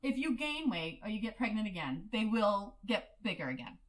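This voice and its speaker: A woman in her thirties, chatting casually as a podcast co-host, explaining facts and telling lively stories. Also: medium pitch, moderate pace. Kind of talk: casual chat.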